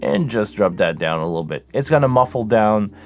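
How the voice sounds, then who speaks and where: A man's voice: lowish voice, lively intonation, brisk. A man from Montreal, hosting a live Q&A stream and explaining sound settings as he adjusts them, speaking close into a vocal microphone. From Montreal, Canada. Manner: hands-on, explanatory, talks while adjusting settings. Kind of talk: live-stream tech demo and Q&A. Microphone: close vocal microphone running through a mixing console.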